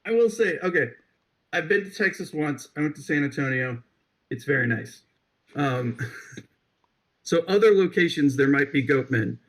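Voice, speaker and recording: A man co-hosting a casual podcast, swearing freely and tripping over his sentence starts. His voice sits slightly high and has a husky edge. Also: expressive, moderate pace, long pauses, a bit bright, rough recording. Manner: joking, swears often, restarts sentences. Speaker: podcast co-host. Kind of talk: casual, profane podcast banter.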